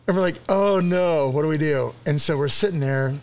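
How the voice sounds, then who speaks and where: A man with a fairly high voice telling a story in relaxed conversation. He laughs often and acts out the people in his tale. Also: brisk, dry recording. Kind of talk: casual storytelling.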